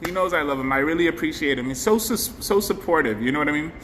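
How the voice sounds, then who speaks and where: Effusive male live-stream host, high voice, reverberant room with faint hiss. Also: fast. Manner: effusive, animated, thanks viewers by name. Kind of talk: casual live-stream chat. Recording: faint background noise, long hall reverb.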